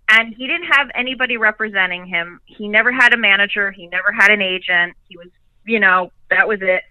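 A woman telling stories as a guest on a video call, animated and profane, laughing often. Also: mid-range voice, no echo, narrow, tinny audio. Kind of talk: casual storytelling chat.

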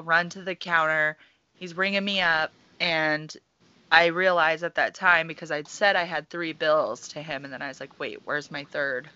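A young woman tells everyday stories on a casual podcast, swearing freely and throwing herself into every detail. Her voice is bright and sits a little low. The recording sounds dull and lo-fi. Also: clean tone. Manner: profane, animated storytelling. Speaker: podcast co-host. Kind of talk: casual chat.

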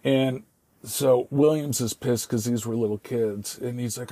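Man, middle-aged, rambling casual storyteller, swears a lot, dark husky voice, dry close sound. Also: medium pitch, fairly even intonation, a little slow, no echo. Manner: rambling, swears freely, repeats "I was like".

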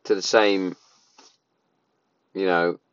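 Rambling dad, dull dry sound. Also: male voice, deep voice, fairly even intonation, slow, clean tone, no room sound. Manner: rambling, many restarts and fillers. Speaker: parent sharing opinions. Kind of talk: casual monologue.

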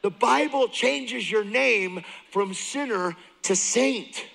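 A middle-aged man preaching a testimony sermon, moving from hushed intensity to excited near-shouting. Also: sits high, takes it slowly, vocal fry, slight background noise, poor audio. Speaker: guest preacher.

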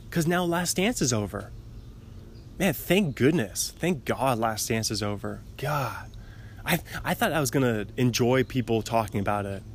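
Podcast host, man in his twenties, casual, self-amused, average pitch. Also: a little hiss or hum. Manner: rambling, self-amused, laughs often. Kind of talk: casual chat.

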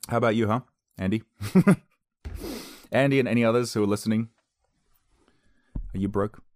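A man's voice: on the low side, moderate pace, darkish tone, no room sound, studio quality. A young man, hosting a casual solo podcast, telling a self-mocking story and acting out the other people's voices. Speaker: podcast host. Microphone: podcast microphone on a loose cable at home.

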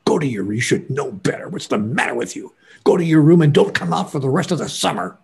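A man doing an older grandfather with a husky, gravelly voice. His pitch sits in the middle, and the rasp never clears. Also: animated, quick pace, darkish tone, exaggerated voice. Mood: scolding. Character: stern then tender grandfather.

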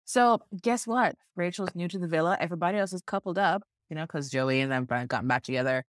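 A woman's voice: on the low side, fast, no room sound, clean studio sound. A woman co-hosting a podcast, talking bluntly and emphatically, with frequent swearing, as she recaps a reality show. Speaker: podcast co-host.

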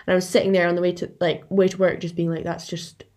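A woman's voice: lowish voice, flat delivery, very fast, a little mellow. A young woman, co-hosting a podcast, telling reflective personal anecdotes in casual chat. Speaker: podcast co-host.

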